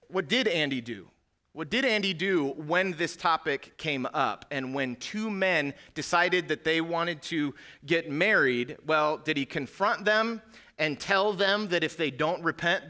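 A male pastor delivers a sermon in a church with an impassioned, preaching cadence. His voice is bright and forceful, sitting a bit high for a man. He drops quiet and low, then rises sharply for emphasis. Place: church sanctuary.

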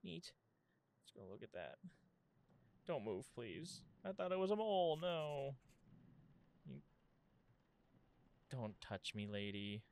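A woman's voice: rumbling low, very animated, slow pace, pauses often, darkish tone. A young adult woman streaming a horror game, jokey and jumpy, swearing as she plays. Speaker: gaming streamer. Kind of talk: casual horror game commentary.

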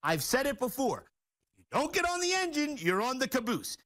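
A man with a high, bright-pitched voice delivers a jokey, boastful sales pitch at a rapid clip. He speaks as a store owner guest on a talk show and keeps up the salesman's energy, with loud, punchy emphasis. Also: sing-song.

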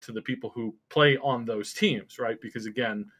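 A man's voice: medium pitch, normal speed, fairly bright tone. A man hosting a casual gaming podcast, rambling with many fillers and restarts. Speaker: podcast host.

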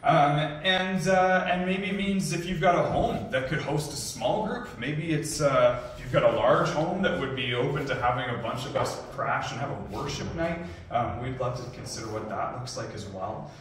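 A man's voice: on the high side, normal speed, hardly any pauses, fairly bright tone, slight background noise. A young man speaking as a youth pastor, giving an earnest, conversational church talk and a prayer, with frequent ums. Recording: echoey room, distant mic, faint ambience.

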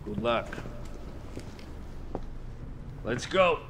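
A man voicing a stern male squad commander in a video game, giving orders in a commanding, measured way. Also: mid-range voice, expressive, a bit bright, a little hiss or hum.

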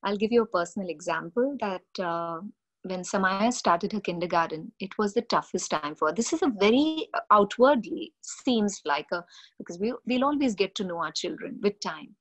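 A middle-aged woman, a mindfulness coach giving an animated, expressive webinar talk on parenting. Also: mid-range voice, moderate pace. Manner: expressive, animated storytelling with acted-out quotes.

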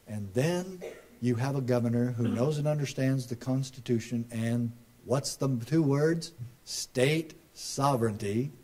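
A middle-aged man giving a rally speech, folksy and joking, building to loud emphatic punchlines. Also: mid-range voice, normal speed. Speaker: speaker at a political rally. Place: rally crowd, live address.

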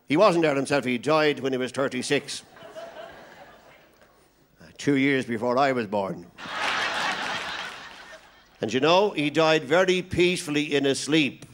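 An Irish man doing a stand-up comedy routine, telling rapid jokes with deadpan punchlines. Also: mid-range voice, slight background noise. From Ireland. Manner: quick-fire joke patter with deadpan punchlines.

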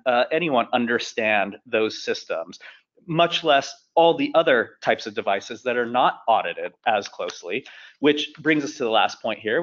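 A man presenting slides as a webinar panelist, talking quickly with lots of fillers. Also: medium pitch, a bit bright. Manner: fast, rushed delivery with frequent fillers. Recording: dull lo-fi webinar audio.

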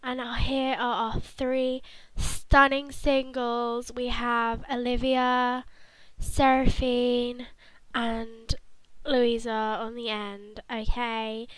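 A woman's voice: fairly high pitch, a bit bright, clean tone, no echo, poor audio. A young woman commentating on a life-sim game in a sarcastic, playful, mock-blunt way. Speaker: gaming channel host.

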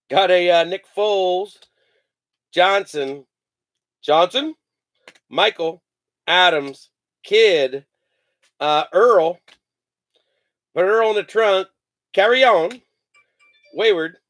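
Opening packs on a live sports card break, a high-voiced man keeps things casual, laughing, joking and rattling off players' names. His tone is fairly bright, and there's no room sound.

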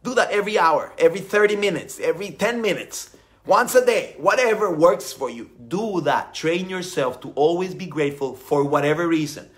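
Animated man teaching, lively high voice. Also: normal speed. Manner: animated, emphatic and playful; repeats phrases for emphasis. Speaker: spiritual teacher. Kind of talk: motivational teaching talk.

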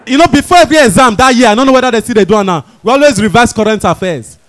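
Young Nigerian-accented male comic, high voice, lively storyteller with quick character jumps. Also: a little hiss or hum. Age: young adult. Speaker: stand-up comedian. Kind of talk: stand-up comedy in Nigerian Pidgin.

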